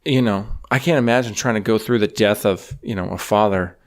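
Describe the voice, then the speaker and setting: A man's voice: fairly low pitch, a little fast. A man co-hosting a casual political chat podcast, blunt and swearing freely. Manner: blunt, swears, says "dude". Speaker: podcast co-host.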